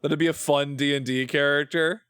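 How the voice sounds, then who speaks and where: A man's voice: a little high, steady tone, moderate pace, fairly bright tone, clear, resonant tone, dry recording, studio quality. A man streaming a game, chatting casually in a playful, rambling way and swearing often. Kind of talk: casual gameplay chat.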